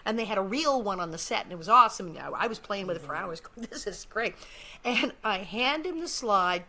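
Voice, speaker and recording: Bright-voiced animated woman podcaster. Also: medium pitch, a little fast. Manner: animated, laughs often, acts out quoted lines. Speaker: podcast co-host, former cast member. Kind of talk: casual chat.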